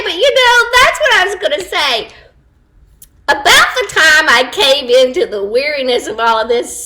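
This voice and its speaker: Chatty, bright-voiced woman. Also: high-pitched. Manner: chatty, laughs often, quick asides. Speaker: livestream host. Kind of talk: casual chat to online viewers. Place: home, indoors.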